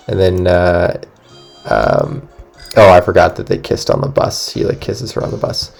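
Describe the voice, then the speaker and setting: A man's voice: sits low, fairly even intonation, normal speed, gravelly, a little mellow, soft background music. A man hosting a gaming video, retelling a story casually between gameplay in a rambling, filler-heavy way, swearing now and then. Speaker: gaming channel host.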